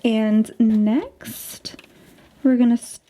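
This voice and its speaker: A woman's voice: fairly high pitch, fairly even intonation, extremely slow, warm tone. A woman in her twenties, a budgeting vlogger, chatting in a bubbly, gushing way while stuffing cash envelopes. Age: 20s.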